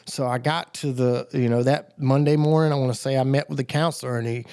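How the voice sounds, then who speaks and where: Man, Southern US, podcast guest, casual storytelling, rambling with restarts, acts out quoted voices, average pitch. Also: fairly even intonation, brisk, darkish tone, clear, resonant tone. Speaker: podcast guest sharing recovery testimony.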